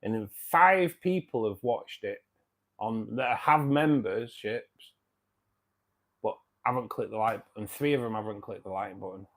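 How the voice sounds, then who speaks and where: Slow-talking man in his fifties. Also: on the low side, a bit bright. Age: 50s. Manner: chatty, thanks viewers by name, jokey. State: dry throat. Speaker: livestream host. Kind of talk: casual live chat.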